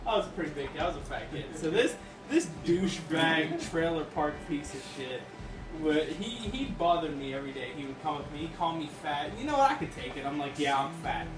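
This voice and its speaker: A man's voice: on the high side, animated, fairly quick, over music. A man bluntly telling a story about being teased as a kid, swearing casually. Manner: blunt, self-mocking, swears. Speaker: friend sharing memories. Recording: roomy, distant mic.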